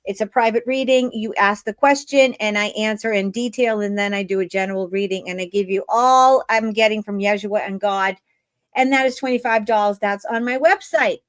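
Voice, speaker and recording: A woman's voice: mid-range voice, normal speed. A woman hosting a live stream as a tarot reader, talking in a chatty, blunt monologue that swears freely and keeps checking in with her listeners. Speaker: tarot reader and livestream host.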